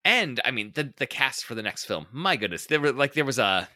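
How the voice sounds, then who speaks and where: A man's voice: medium pitch, big pitch swings, fairly quick, pushed and bright, no echo, clean studio sound. A man hosting a casual film discussion podcast, chatty and full of trivia, with plenty of fillers. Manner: chatty, sharing trivia with frequent fillers and laughs. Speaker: podcast host.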